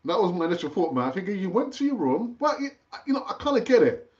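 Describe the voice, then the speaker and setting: Chatty, animated man hosting football talk. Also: fast, highs cut off. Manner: chatty and animated, pitch jumping up when excited; rambling with frequent fillers and restarts. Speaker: football channel host. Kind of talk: casual live-stream football chat.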